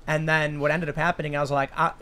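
A man in his thirties hosting a casual chat, rattling through a rambling story at high speed. He acts out each quote, and his voice sits a little above the usual for a man. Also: little pitch movement, fast, sharp tone. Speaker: host.

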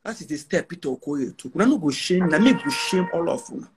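A man's voice: fairly high pitch, animated, fast, background noise. A brash, defiant man with a Nigerian accent, talking boastfully in an interview and repeating phrases for emphasis. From northern Nigeria.

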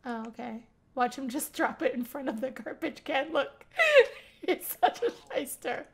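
Brief: young woman host, high voice, excitable let's-play commentary, quick to squeal and laugh. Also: vocal fry, slightly rough. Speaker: gaming channel host.

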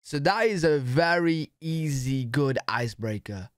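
Brit dude reacting to a vid, lots of yo and bro, kinda high voice. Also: male voice, lively intonation, unhurried, few pauses. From Britain. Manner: chatty, slangy, says bro and yo a lot. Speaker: reaction channel host. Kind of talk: casual reaction commentary.

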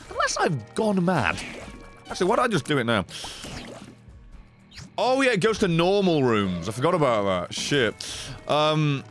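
British man, gaming streamer, lively swooping pitch, profane, excitable, effusive thanks, faint music behind. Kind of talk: live gaming stream commentary.

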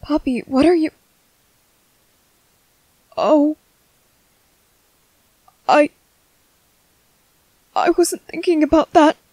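Girl voicing a gentle young guy soothing his wolf mate, slow soft whispered role-play, high voice, dry close sound. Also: no room sound, rough recording. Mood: reassuring.

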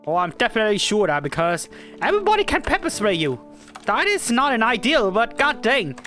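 Excitable woman narrating gameplay, lively pitch. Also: fairly quick, soft background music. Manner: excitable, yelling at game characters, frequent laughter. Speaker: gaming YouTuber. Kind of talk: casual gameplay commentary.

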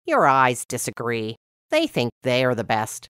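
Woman voicing talking ear, storybook, polite, proud, low, slow. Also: wildly swooping pitch, smooth, no room sound, clean studio sound, exaggerated voice. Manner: polite, gently boastful.

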